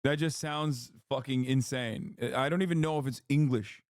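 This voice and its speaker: A man's voice: medium pitch, steady tone, moderate pace, hardly any pauses, no room sound. Male streamer, blunt, swearing, joking, dry close sound. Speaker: streamer reacting to clips. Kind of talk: casual commentary.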